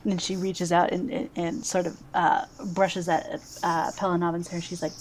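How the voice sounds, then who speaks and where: A woman narrating a tabletop game as game master, describing scenes in a halting way with frequent pauses. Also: fairly low pitch, level tone, slight background noise. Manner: halting, many fillers and restarts while describing scenes.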